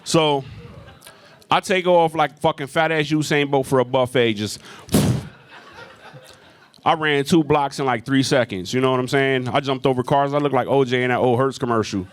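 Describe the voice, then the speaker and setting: Profane stand-up comic working a club crowd. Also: male voice, mid-range voice, moderate pace, clear, resonant tone. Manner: profane, animated storytelling with crowd work. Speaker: stand-up comedian. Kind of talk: stand-up comedy set. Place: comedy club stage.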